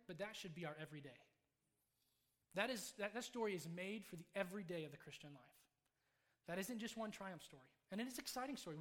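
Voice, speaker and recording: A man preaching a sermon to a congregation, telling a personal story in a lively, animated way. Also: high-pitched. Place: room with a live congregation.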